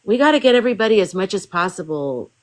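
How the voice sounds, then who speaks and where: A woman's voice: medium pitch, big pitch swings, quick pace, rough recording. A woman in casual conversation, retelling a story at length and acting out bits of dialogue. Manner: rambling storyteller, acts out quotes. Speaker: guest on a live spiritual chat.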